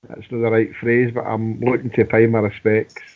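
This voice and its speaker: A man in his sixties on a fan radio phone-in, halting and plain-spoken. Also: fairly low pitch, monotone. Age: 60s. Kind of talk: casual fan radio chat. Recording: tinny phone line.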